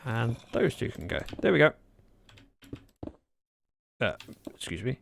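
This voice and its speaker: British man, game streamer, casual chat, bouncy delivery, gravelly edge, dry humour. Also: medium pitch, big pitch swings, measured pace, a little hiss or hum. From Britain. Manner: chatty, reads viewer chat aloud, dry self-mocking humour. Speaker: livestreamer. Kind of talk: casual livestream chat while gaming.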